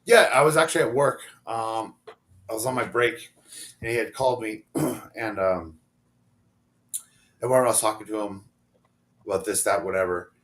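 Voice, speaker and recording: A man's voice: lowish voice, moderate pace, long pauses, fairly bright tone. A middle-aged man, a professional wrestler guesting on an interview show, telling stories in a rambling, casual way and acting out the dialogue he quotes.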